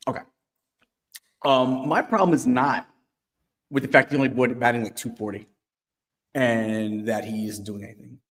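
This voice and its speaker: A man's voice: medium pitch, steady tone, normal speed, pauses often. A man with a mid-range voice banters on a sports show, teasing the others and cracking jokes. His voice carries a long reverb tail, as if in a live, echoing space. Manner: joking, teasing. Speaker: co-host.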